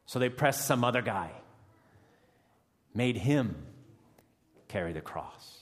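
A man playing a fierce, emotional rebel prisoner who has just been freed. He delivers a first-person dramatic monologue, swinging between hushed tones and loud outbursts with dramatic pauses. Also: medium pitch, expressive. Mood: intense. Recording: long reverb of a large hall.

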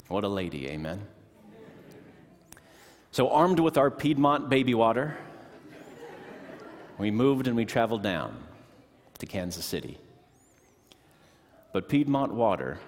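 A middle-aged man preaching a sermon in a church, telling stories with animated energy that drops to hushed tones. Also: on the low side. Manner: animated storytelling, shifting from excited to hushed. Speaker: pastor. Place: church sanctuary. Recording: long hall reverb.

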